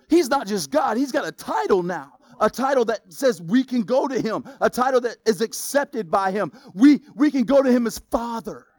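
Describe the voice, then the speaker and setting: Speaking with an extremely high pitch and no echo, a man delivers a sermon as pastor. He keeps it casual and conversational but builds toward loud exclamations.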